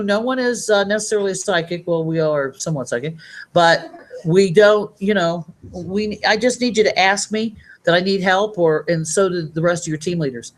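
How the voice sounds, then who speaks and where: A woman giving a motivational training talk to her team. She talks in an upbeat, rambling way and reads sayings aloud from a handout. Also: on the low side. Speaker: network marketing trainer.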